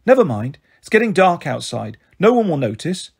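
A man's voice: a little high, sing-song, normal speed, vocal fry, darkish tone, slightly rough, heavily acted. A man voicing a brave, anxious young girl who pleads and reassures her family.

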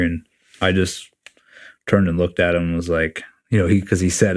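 A deep-voiced man in his forties, a retiring Navy SEAL chief appearing as a podcast guest, tells his story at a moderate pace. He's blunt, casual, and freely profane, animatedly acting out what other people said.

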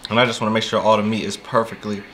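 Fast-talking laid-back man cooking at home. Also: on the low side, flat delivery, fairly bright tone, a little hiss or hum. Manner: laid-back, slangy, talks to viewers as "y'all". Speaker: vlog host cooking fish. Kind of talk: casual cooking vlog chat. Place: home kitchen.

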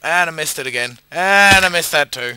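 A man with an Australian accent, a bit drunk, giving casual gameplay commentary and swearing loudly at his own failed jumps. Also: a little high, lively intonation, normal speed, clear, resonant tone. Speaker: gamer playing a parkour map.

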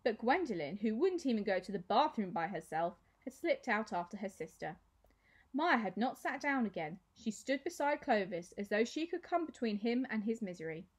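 A woman teacher reading a children's novel aloud with expressive storytelling. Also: a little high, moderate pace.

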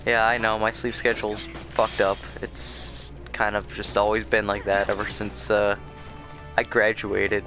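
Bright-voiced young man chatting over gameplay. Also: on the low side, flat delivery, measured pace. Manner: rambling and chatty, with many fillers and restarts. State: sleepy, yawning. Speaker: let's play host. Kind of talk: casual gameplay commentary. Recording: faint game music behind.

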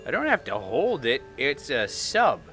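A gaming YouTuber delivers let's play commentary, excitably narrating at an unhurried pace with a lively pitch and reading game text aloud in different voices. Light game music plays behind him.

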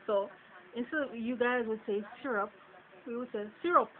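A woman's voice: on the high side, fairly even intonation, moderate pace. A woman from Jamaica with a Jamaican accent, casually reading a word list for an accent tag and chatting about how she says each word. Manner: casual, chatty, laughs between words. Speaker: vlogger. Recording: tinny phone-like audio with faint noise.

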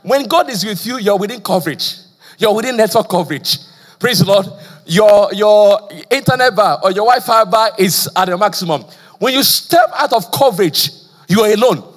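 A man's voice: sits high, lively intonation, normal speed. A male pastor from Nigeria preaching a sermon with call-and-response questions, a slight stammer and frequent "praise the Lord.". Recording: long church hall reverb.

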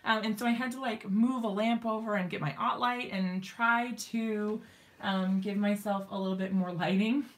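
A woman's voice: medium pitch, fairly even intonation, moderate pace. A woman in her thirties chatting casually on a craft live stream from her home craft room, laughing often and apologizing, with plenty of fillers, sometimes out of breath and moving nearer to or farther from the mic.

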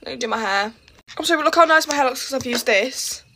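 A woman's voice: high-pitched, lively intonation, fast, noisy background. A teenage girl chatting while getting ready for school, dramatic and exasperated, laughing often. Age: teens. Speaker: vlogger. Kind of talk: get-ready-with-me vlog.

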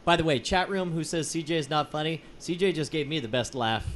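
A man's voice: a little high, expressive, brisk, fairly bright tone, a little hiss or hum. A man hosting a live web show in casual chat, rambling, joking and laughing often. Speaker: host.

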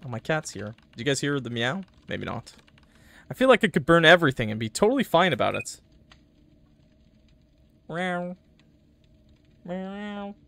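Brief: male game streamer, casual chat, quick to laugh, bright, animated delivery. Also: medium pitch, gravelly. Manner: laughs often, joking with chat. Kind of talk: casual gameplay commentary.

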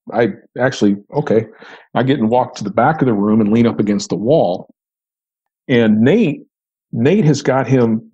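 A man's voice: medium pitch, mellow, slightly rough, highs cut off. A middle-aged man, a retired federal agent, recounting an old case in conversation, often restarting and repeating words. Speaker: retired FBI agent, podcast guest.

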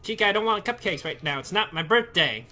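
Jumpy, lively-voiced horror game player. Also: mid-range voice, brisk, soft background music. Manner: jumpy, talks to the game's figures, bursts into scared yells. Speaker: let's play gamer.

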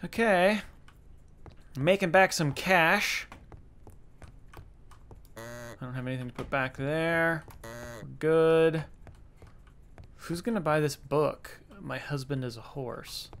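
A man's voice: fairly high pitch, takes it slowly, pauses often, a bit bright, slight background noise. A man giving casual let's-play commentary, chatty and self-mocking, talking to the game's characters. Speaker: gaming YouTuber.

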